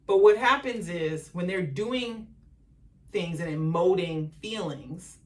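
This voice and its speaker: A woman's voice: fairly low pitch, slow pace, far from the mic. A woman hosting a solo motivational podcast, speaking conversationally, asking the listener questions and acting out the voices of others. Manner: animated, acts out quoted voices of family and parents. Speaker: podcast host.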